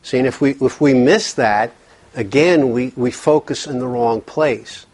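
Man, workshop speaker, husky voice, earnest, conversational, repeats words. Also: mid-range voice, a little slow, darkish tone.

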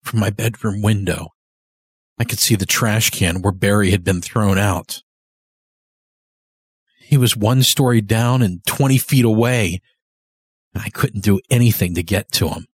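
A man reading a horror story aloud in first person, measured and often slowing down for tension. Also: breathy edge, no room sound, clean studio sound. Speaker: narrator. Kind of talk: scripted horror story narration. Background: faint cello and double bass score.

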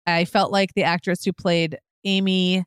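A woman's voice: fairly low pitch, little pitch movement, moderate pace, clear, resonant tone, dry recording, studio quality. A woman co-hosting a podcast in casual chat, giving frank, emphatic opinions and acting out her own thoughts. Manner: candid, emphatic opinions with quoted inner thoughts. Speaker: podcast co-host.

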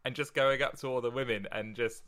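Bright-voiced chatty man. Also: mid-range voice. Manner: chatty, animated, quick to laugh, many restarts. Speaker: podcast co-host. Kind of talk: casual chat about Shakespeare's sonnets.

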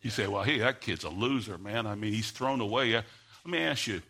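A man preaching a sermon in church. He tells stories quietly, then builds to loud, fervent preaching. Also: lowish voice, brisk. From United States. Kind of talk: sermon with storytelling.

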